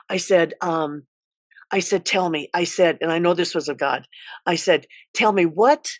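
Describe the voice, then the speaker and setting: A middle-aged woman school counselor telling a personal story in an earnest, halting way, with many restarts. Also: lowish voice, dry recording.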